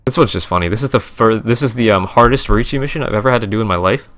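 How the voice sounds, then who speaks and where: A man's voice: on the low side, racing, a bit bright. A young man, a streamer, casually recapping his game trades in a rambling, profane, self-correcting way.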